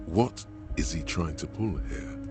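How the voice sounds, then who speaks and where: Man voicing a blunt, scolding inner voice; deep and unhurried, over game music. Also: darkish tone. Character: grave inner voice of a detective's mind.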